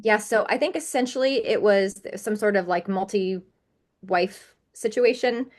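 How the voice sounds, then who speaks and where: A woman's voice: mid-range voice, measured pace. A woman talking as a podcast guest in a candid interview, earnest and emphatic, piling up repetitions.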